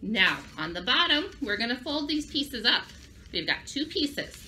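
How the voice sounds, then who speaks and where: A woman's voice: on the high side, big pitch swings, a little slow, pushed and bright, a little hiss or hum. A woman librarian giving a children's craft and story lesson, upbeat and speaking directly to young kids.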